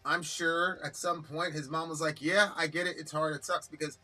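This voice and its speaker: Blunt, bright-voiced man telling stories. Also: on the high side, normal speed, faint music behind. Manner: blunt, profane, animated storytelling. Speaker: co-host of a live reaction stream. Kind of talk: casual heated discussion.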